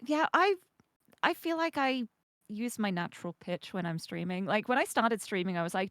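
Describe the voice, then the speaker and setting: A young woman streamer chatting casually and relaxed, laughing easily with her co-streamers. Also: medium pitch, normal speed, no room sound, studio quality.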